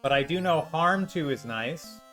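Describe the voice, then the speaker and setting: Faint music from the game runs behind a man riffing sarcastically as he plays an old role-playing title, his remarks rambling and full of jokes. The pitch is fairly high, the tone pushed and bright, with lively intonation and a measured pace.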